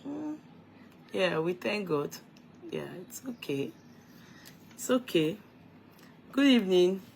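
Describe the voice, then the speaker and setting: A woman's voice: mid-range voice, sing-song, slow pace, creaky, darkish tone, a little hiss or hum. Chatty woman greeting her live viewers. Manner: chatty, laughs while stumbling over names. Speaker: livestream host greeting viewers. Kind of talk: casual live-stream chat.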